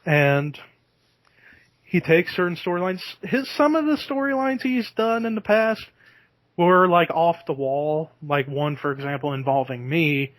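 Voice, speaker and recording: A man's voice: a little high, lively intonation, a little slow, no echo. A man hosting a podcast in casual chat, talking easily and breaking into laughter. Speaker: podcast host.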